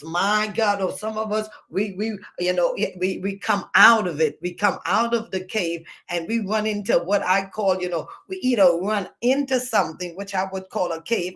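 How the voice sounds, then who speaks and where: Male preacher on a video call, high-pitched, repetitive call-and-response style. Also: fairly bright tone. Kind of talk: livestreamed sermon.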